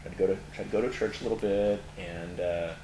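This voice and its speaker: Middle-aged californian guy, kinda low voice, chatty and candid, lots of ums, roomy echo. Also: steady tone, fast talker, mellow. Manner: candid storytelling with many fillers. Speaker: interview guest, tattoo parlor owner. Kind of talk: personal testimony in conversation. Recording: echoey room, faint noise.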